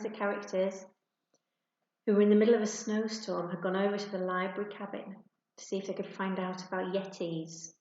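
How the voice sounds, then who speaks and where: A woman reading a children's storybook aloud to pupils, gentle and expressive. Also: mid-range voice, slight background noise. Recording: echoey room, dull sound.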